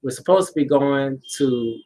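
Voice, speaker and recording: A man co-hosting a live-streamed spiritual talk, walking through his points in a relaxed way and checking in with "right?". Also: mid-range voice, moderate pace. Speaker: co-host of a spiritual channel. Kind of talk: live-streamed casual discussion.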